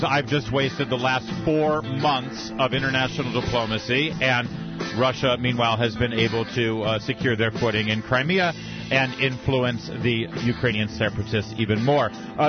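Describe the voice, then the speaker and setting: A man hosting political talk radio, delivering sarcastic, mocking commentary with frequent asides. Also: mid-range voice. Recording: dull radio broadcast sound.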